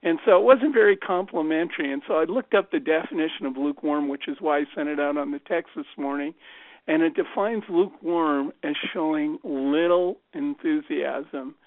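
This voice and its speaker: A man's voice: on the high side, moderate pace, no room sound. A man from Canada giving a casual, rambling motivational talk to a team, with lots of fillers. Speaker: speaker on a team call. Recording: tinny phone line.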